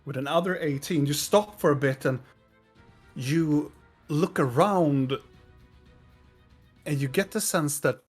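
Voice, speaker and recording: Unhurried male game master narrating. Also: fairly high pitch, faint music behind. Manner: halting, with frequent "like" fillers.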